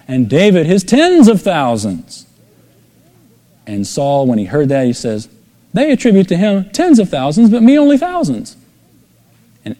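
A middle-aged pastor with a medium-pitched, mellow voice preaches through stories, acting out the characters' voices with sudden emphatic rises. His sermon rings with long hall reverb.

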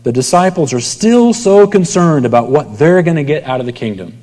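A man's voice: a little high, lively intonation, a little fast, few pauses, warm tone. A male pastor preaching a sermon in a conversational way, often trailing off to near whispers at the ends of lines. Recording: long hall reverb.

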